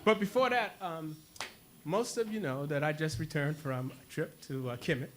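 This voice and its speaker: A man with a slightly high voice speaks to a congregation in an animated storytelling style. He laughs often and acts out both sides of a conversation. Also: normal speed. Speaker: worship speaker.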